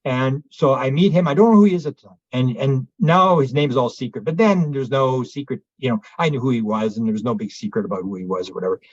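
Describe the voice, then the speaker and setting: A man, a guest telling a rambling story fast, acting out the other speakers and restarting often. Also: mid-range voice, dry recording. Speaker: guest, UFO researcher. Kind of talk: animated anecdotal storytelling. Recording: dull lo-fi audio.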